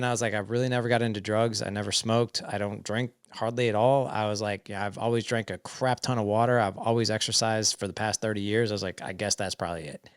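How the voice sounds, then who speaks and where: Low-voiced man in his forties, dry sound. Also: quick pace, no echo. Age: 40s. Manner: animated, quotes family dialogue in stories. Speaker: podcast guest. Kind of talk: casual storytelling chat.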